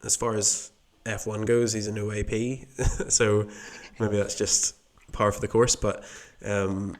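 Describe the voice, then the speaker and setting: A man's voice: on the low side, little pitch movement, takes it slowly. A man from the UK co-hosting a podcast, chatting casually and thinking aloud in meandering answers. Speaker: podcast co-host. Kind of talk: casual chat.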